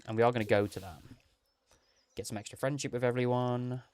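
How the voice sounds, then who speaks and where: A man's voice: mid-range voice, steady tone, brisk, darkish tone, smooth. A man hosting a gaming livestream, rambling casually, laughing often and correcting himself mid-sentence.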